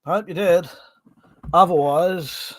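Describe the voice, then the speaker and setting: Over some background noise, a man with a high-sitting voice takes his time as he reads viewer comments on a casual home livestream. He's chatty, laughs often, swears, banters and drinks on stream.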